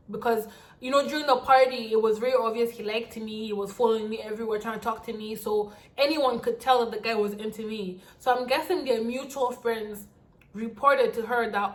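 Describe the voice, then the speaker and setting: A woman telling a dramatic storytime vlog in an animated way. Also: a little high, a little fast. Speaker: vlogger.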